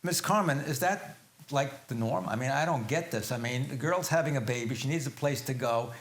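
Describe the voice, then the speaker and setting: A man's voice: medium pitch, normal speed. A man hosting a talk show interview, emphatic and speaking to the audience as folks. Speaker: host.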